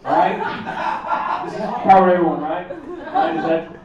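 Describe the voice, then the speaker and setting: A man from Texas performing a stand-up comedy set at a pub, talking to the crowd with quick asides. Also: sits high. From Texas, USA. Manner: animated, conversational, frequent asides to the crowd. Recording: echoey distant muffled pub recording, crowd.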